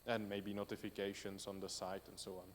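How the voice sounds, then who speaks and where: A conference speaker at a tech meetup presents and fields audience questions in a loose, conversational style, piling on fillers and building lists as he goes, all while losing his voice. His voice is lowish with little pitch movement and a moderate pace. The meetup hall adds reverb and a faint noise to the recording.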